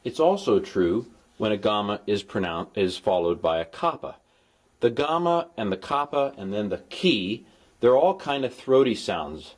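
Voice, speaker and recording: Man, tutor, recorded lesson, fairly low voice, playful jokey asides. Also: very animated, unhurried. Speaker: Greek tutor.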